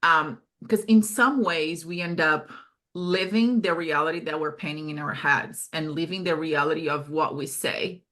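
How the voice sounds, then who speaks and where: A woman's voice: deep voice, moderate pace, fairly bright tone. A woman leading a group video call as a fitness coach, talking in an encouraging way with many fillers and self-corrections.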